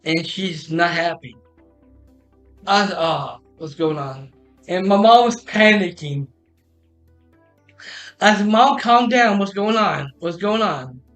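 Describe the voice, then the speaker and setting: A man's voice: high voice, slow pace, pauses often, a bit bright, faint music behind. A man telling a personal story in a casual, rambling way, often restarting and repeating "I said.".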